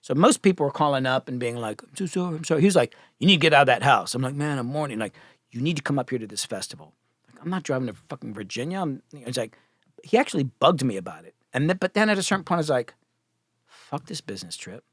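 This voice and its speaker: A middle-aged man, a music producer, telling stories as a podcast guest, animated and profane, acting out the people he quotes. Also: medium pitch, very fast, dry recording, clean studio sound. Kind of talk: casual storytelling.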